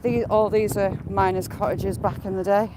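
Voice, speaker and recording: Here a woman speaks at a normal pace in a mid-range voice with fairly even intonation, her accent a Northern English mix of Yorkshire and Geordie. She's walking through a village outside, streaming live from a handheld phone, chatting, naming viewers as she greets them and pointing out what she sees. Behind her are calling crows and faint outdoor sounds.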